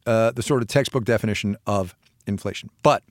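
A man's voice: on the low side, brisk, dry recording, clean studio sound. A man co-hosting a podcast, explaining an idea in a casual, laughing way and often restarting his sentences. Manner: lively, laughing, self-interrupting explainer. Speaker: podcast co-host.

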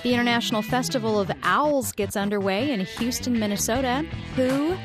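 A woman with a higher voice reads short news teasers in a playful, punny manner. Plucked guitar music plays clearly beneath her. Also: brisk. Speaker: news presenter. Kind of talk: scripted headline preview.

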